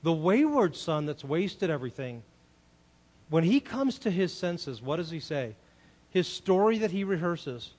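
A man's voice: fairly high pitch, very animated, unhurried, a little mellow. A man preaching a sermon in an earnest way, often asking the listeners rhetorical questions. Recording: long reverb of a large hall.

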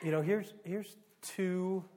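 A male pastor in middle age delivers a sermon, his voice sitting high for a man. He talks in a chatty way, throws questions at the congregation, and sometimes jumps suddenly louder. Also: steady tone, slow. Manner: conversational preaching with rhetorical questions and sudden rises in volume.

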